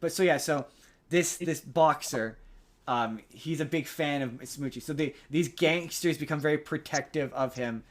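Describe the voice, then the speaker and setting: A man's voice: a little high, moderate pace. A young adult man hosting a podcast, casually recapping a movie plot in a rambling way. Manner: rambling, many restarts and fillers. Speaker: podcast host.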